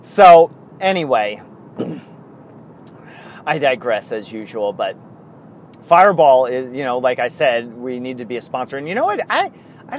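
Rambling, excitable man. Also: medium pitch, moderate pace, slight background noise. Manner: rambling, excitable storytelling with bursts of enthusiasm. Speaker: podcast co-host. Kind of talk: casual chat.

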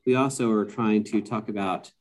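A man's voice: lowish voice, fairly even intonation, normal speed. A man talking as a podcast guest in a casual conversation, hesitant and full of fillers and restarts.

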